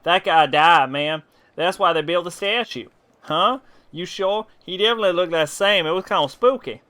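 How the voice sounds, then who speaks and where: A tipsy man streaming a game, hamming up a southern country drawl as he reads the lines and curses casually. His voice sits a little high for a man, with a bright, clear, crisp tone that cuts through. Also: moderate pace. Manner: puts on a southern country drawl, swears freely. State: tipsy from drinking. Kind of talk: casual live gameplay commentary, reading game dialogue aloud.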